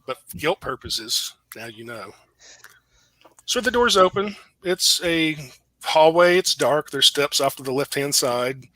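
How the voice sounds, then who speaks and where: A man narrating as game master, relaxed and chuckling. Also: a little high, a little slow, dry recording.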